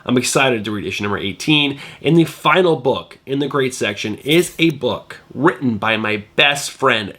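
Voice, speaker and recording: A man's voice: mid-range voice, expressive, normal speed, few pauses, bright, forceful tone. A middle-aged man hosting a comic book channel, sounding nasal from a cold, chatting in a rambling way with lots of fillers. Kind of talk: casual video review.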